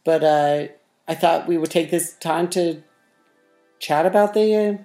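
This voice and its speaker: A man's voice: on the high side, unhurried, dark tone, faint music behind. A man co-hosting a casual podcast chat, with a dry, teasing manner. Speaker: podcast co-host.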